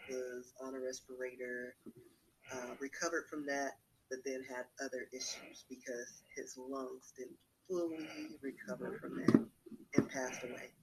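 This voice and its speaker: A man talking in a relaxed group discussion at a medium pitch. His delivery is frank and rambling, full of fillers and side remarks. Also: poor audio. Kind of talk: casual chat.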